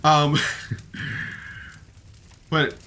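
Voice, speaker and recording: Slow-talking man with a bright voice. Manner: rambling, emotional, full of fillers. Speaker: podcast reviewer. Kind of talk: casual review commentary. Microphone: camera mic, seated on camera.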